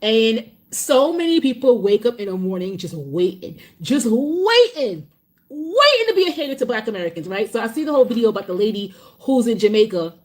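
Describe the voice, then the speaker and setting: A woman's voice: mid-range voice, a little mellow. A woman venting in a reaction clip, exasperated and swearing often.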